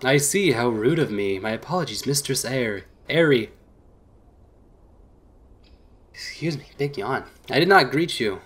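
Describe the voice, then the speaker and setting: A man voicing a flippant, showy male gentleman in a visual novel game, speaking in a teasing, grandly formal way. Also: mid-range voice, expressive, normal speed, breathy edge. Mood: cheery.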